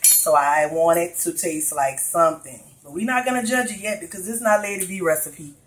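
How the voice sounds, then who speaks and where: Her voice is lowish and her pace normal as this New Orleans-accented cooking vlogger talks through a recipe in her kitchen at home, speaking directly to viewers. The casual clip has a rough recording with slight background noise.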